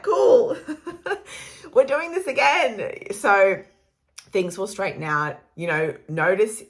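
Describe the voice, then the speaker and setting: A woman's voice: fairly low pitch, sharp tone. A woman, chatting casually about astrology in a rambling, laughing style with the odd swear word. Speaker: astrology vlogger. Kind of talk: casual spiritual vlog talk.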